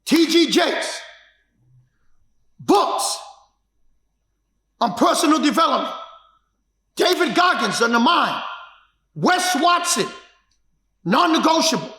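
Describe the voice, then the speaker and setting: Martial arts teacher guy telling his story, punchy and repetitive, bright sharp voice, roomy echo. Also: very high-pitched, sing-song, takes it slowly, long pauses. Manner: emphatic, repetitive, builds to shouts. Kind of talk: personal storytelling. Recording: echoey room.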